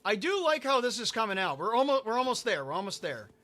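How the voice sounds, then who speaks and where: Fast and sing-song, this man's high-pitched voice sounds pushed and bright. During a relaxed stream of a building game, he answers viewers' chat and mutters to himself as he places blocks.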